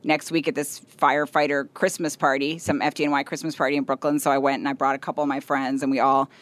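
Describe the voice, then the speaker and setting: Fast-talking animated woman guest. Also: extremely low pitch. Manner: animated, self-deprecating storytelling. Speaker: guest, comedian. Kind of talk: casual chat.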